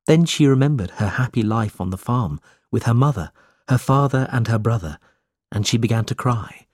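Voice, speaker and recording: A man narrating an audiobook in a slow, measured reading style. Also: mid-range voice, animated, a little mellow, husky, no room sound, studio quality.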